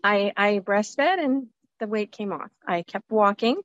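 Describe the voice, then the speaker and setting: A woman's voice: mid-range voice, expressive, a little slow, dry recording, lo-fi sound. A woman in her forties hosting her own show, talking candidly and animatedly outdoors, sometimes slipping into the voices of people she remembers. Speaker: podcast host. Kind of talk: casual personal monologue. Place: outdoors at a zoo by a lake.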